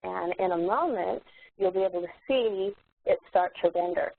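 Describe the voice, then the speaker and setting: A woman instructor demonstrating software in a live webinar, explaining steps in a relaxed way with many fillers and restarts. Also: lowish voice, moderate pace, creaky, breathy edge. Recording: tinny phone-like webinar audio.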